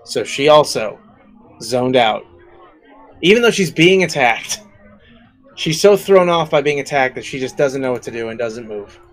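A man narrating as game master in a tabletop game, relaxed and laughing, thinking aloud with fillers as he goes. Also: mid-range voice, normal speed, pauses often, rough recording.

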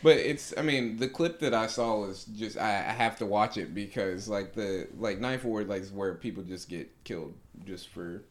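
A man's voice: on the low side, moderate pace, hardly any pauses. A man co-hosting a podcast, rambling in casual chat with lots of fillers and laughs. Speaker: podcast co-host.

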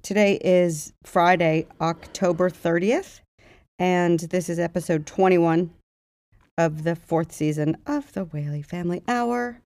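Mellow low-voiced woman co-host. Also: a little slow, dry recording. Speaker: podcast co-host. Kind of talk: casual chat.

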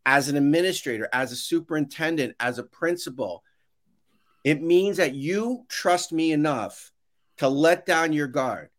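A man whose voice sits a little high talks at normal speed as a guest on a podcast, interviewed casually over video call. He's an education consultant sitting in a shelved home office, an animated storyteller who acts out quotes and restarts his sentences many times.

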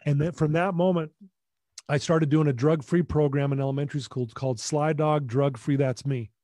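Male podcast guest, emphatic animated storyteller; slightly high, warm tone, dry recording. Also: moderate pace, dry recording. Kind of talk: personal storytelling.

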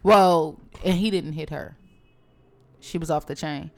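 A woman's voice: low-pitched, a little slow, a little mellow. A young woman co-hosting a casual chat, recapping a reality show with lots of swearing and laughter. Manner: profane, laughing, storytelling.

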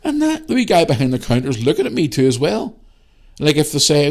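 Animated, swearing man. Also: fairly high pitch, fast talker. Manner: heated storytelling, heavy swearing, animated re-enacted dialogue. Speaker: podcast host. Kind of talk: casual ranting monologue.

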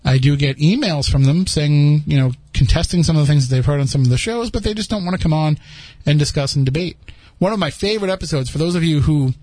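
A man's voice: on the high side, fast, few pauses, a little mellow, dry recording. A man hosting a podcast, chatting casually and rambling with frequent restarts. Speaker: podcast host. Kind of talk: casual chat.

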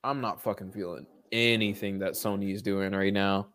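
A male podcast co-host in casual chat, animated and ranting, swearing freely. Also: fairly low pitch, normal speed, slight background noise.

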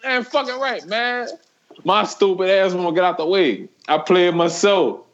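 A young man telling a story in casual chat, animated and profane, laughing as he talks. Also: high voice, normal speed, highs cut off.

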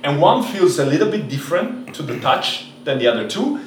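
Animated man telling a story. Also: a little high, a little fast, echoey room, far from the mic, slight background noise. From Italy. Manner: animated, swearing, acts out voices. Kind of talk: casual storytelling.

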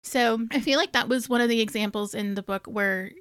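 A woman's voice: a little high, brisk, fairly bright tone, clear, resonant tone, no room sound. Thoughtful woman talking books, dry sound. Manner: thoughtful, reflective, earnest. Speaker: podcast co-host. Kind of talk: casual book discussion.

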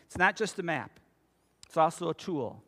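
A man in his fifties preaching a sermon as a pastor, telling stories with animated emphasis. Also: fairly high pitch, normal speed. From United States. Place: church sanctuary. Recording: long reverb of a church hall.

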